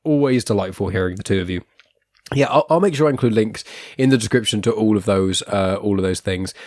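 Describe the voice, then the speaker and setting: A man hosting a casual podcast in a friendly, upbeat way, laughing easily between thoughts. His voice sits on the low side and the sound is dry and close, with no room around it. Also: a little fast, darkish tone, no room sound. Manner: chatty, upbeat, laughs often. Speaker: podcast host.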